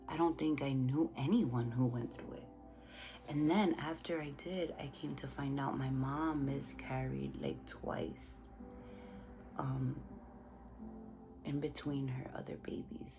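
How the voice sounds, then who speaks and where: A young woman vlogger in a casual get-ready-with-me chat, talking in a soft, halting, emotional way with many restarts. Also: low-pitched, vocal fry. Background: background music.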